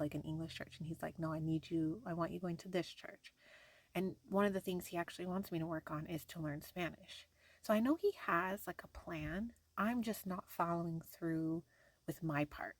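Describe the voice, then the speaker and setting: A young woman talking softly and hesitantly in a personal diary vlog, with many fillers and restarts. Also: on the low side, no echo. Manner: soft-spoken, hesitant, lots of fillers and restarts. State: tearful at times. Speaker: vlogger.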